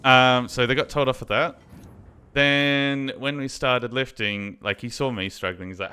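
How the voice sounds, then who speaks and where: A man's voice: mid-range voice, steady tone, measured pace, sharp tone, clear, resonant tone. A young man streaming a game, chatting casually and telling a rambling story with lots of fillers and swearing. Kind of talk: casual chat while gaming.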